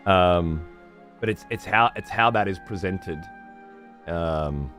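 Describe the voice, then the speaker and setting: A man with a lowish voice chats loosely while he plays, swearing freely as his thoughts wander. Faint music sits quietly behind him. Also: slow pace. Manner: rambling, heavily profane. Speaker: streamer. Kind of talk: casual chat while gaming.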